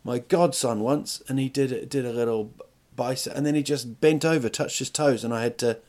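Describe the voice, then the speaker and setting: Middle-aged man, podcast host, solo comic ramble, mid pitch, crude asides, stop-start phrasing. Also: moderate pace, darkish tone. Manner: rambling, stop-start, crude jokes, rising rhetorical questions. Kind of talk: comic monologue.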